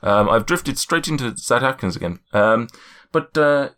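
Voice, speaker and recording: A man's voice: medium pitch, lively intonation, moderate pace, a bit bright. A man narrating as game master, casual and self-mocking, often laughing at himself.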